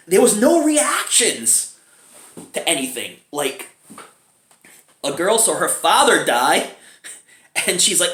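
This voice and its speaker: A man's voice: high-pitched, wildly swooping pitch, a little slow, long pauses, a bit bright. Chatty man reviewing a film, roomy echo. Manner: chatty, chuckles often. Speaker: movie reviewer.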